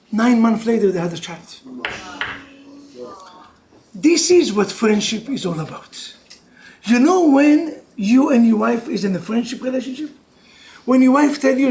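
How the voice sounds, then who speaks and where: A man, a rabbi, giving an animated and joking class to couples. He mixes Hebrew terms into non-native English and moves between loud outbursts and hushed intensity. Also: very high-pitched, moderate pace, creaky. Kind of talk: lively religious class for couples.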